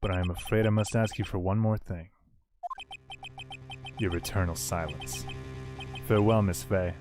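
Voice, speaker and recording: A man's voice: deep voice, steady tone, normal speed, over music, close to an everyday voice. A man voicing a smug, scheming middle-aged male villain with an oily, gloating delivery, as he reads game dialogue aloud. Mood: gloating menace.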